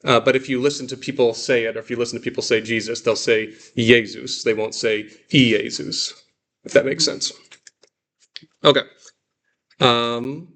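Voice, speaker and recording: A man teaching a Greek class, explaining pronunciation and modeling words slowly for students to repeat. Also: medium pitch, a bit bright.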